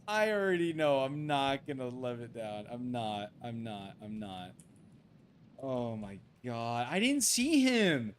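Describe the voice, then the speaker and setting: A man's voice: mid-range voice, animated, slow, slight background noise. A man streaming a game late at night, rambling with many fillers and restarts, and swearing and pleading when things go wrong. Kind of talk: casual late-night gaming livestream chat.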